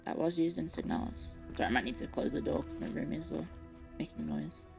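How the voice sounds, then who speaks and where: A woman's voice: sits low, big pitch swings, fairly quick, vocal fry. A young woman streams a puzzle game from her bedroom, chatting nervously with viewers. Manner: chatty, nervous, repeats herself when spooked. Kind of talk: live game stream commentary. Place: bedroom at home. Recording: faint music in background.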